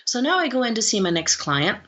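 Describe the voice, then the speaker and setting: A woman's voice: on the high side, very animated, a little fast, a bit bright. A woman in her sixties, a psychologist, telling a personal story in a podcast interview and acting out the voices of people in it. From Guam. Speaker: psychologist guest.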